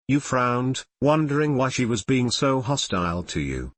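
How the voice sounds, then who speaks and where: Male narrator for a fan fiction audiobook; animated and expressive, dry read. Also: medium pitch, normal speed, no room sound. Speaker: reader.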